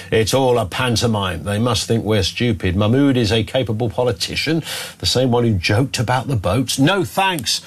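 A man hosting a radio phone-in, reading out listener messages and giving his opinions in a conversational way. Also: medium pitch.

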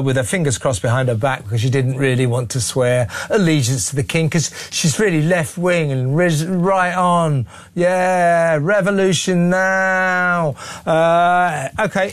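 A male talk show host whose voice sits a little higher than most men's. He talks in a sarcastic, mocking way, and the sound is close and dry with no room echo. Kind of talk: opinionated talk show commentary.

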